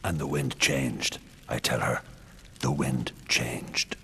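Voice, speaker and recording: A man's voice: rumbling low, fairly even intonation, slow pace, creaky, a bit bright, husky, heavily acted. An actor playing a brutal, lecherous warrior king, talking in a crude, leering, menacing way. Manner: crude, leering, menacing first-person monologue. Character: brutal, lecherous, swaggering warrior king, middle-aged man.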